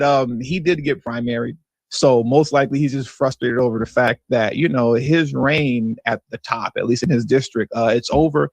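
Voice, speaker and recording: A man's voice: mid-range voice, normal speed, no echo. Guy from california doing a news livestream, mocking and sarcastic, repeats stuff for effect, very dry close sound. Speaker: livestream news commentary host. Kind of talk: casual political commentary to a live stream audience.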